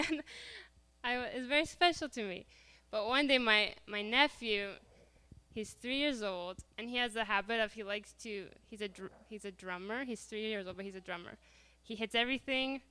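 A woman telling a lively personal story to a church congregation, laughing often as she goes. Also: on the high side, a little fast, clear, resonant tone. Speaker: church speaker.

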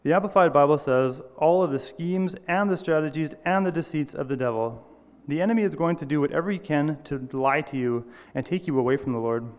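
A man's voice: fairly high pitch, a little fast, darkish tone, in a large hall. A man giving an earnest, personal sermon, reading scripture and correcting small slips as he goes. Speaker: lay preacher.

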